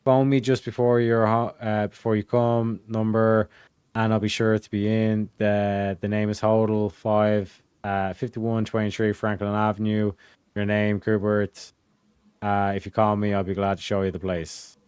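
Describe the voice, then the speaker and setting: A young man casually reading old case transcripts aloud to friends, halting with fillers and swearing. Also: on the low side, flat delivery, darkish tone, smooth, dry recording. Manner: profane, halting, reads with fillers. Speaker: host reading case files.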